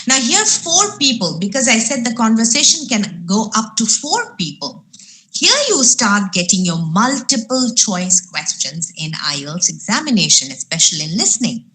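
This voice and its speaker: A woman's voice: mid-range voice, sharp tone. A woman from India giving a live webinar lesson as an exam trainer, explaining step by step and asking herself rhetorical questions. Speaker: IELTS trainer.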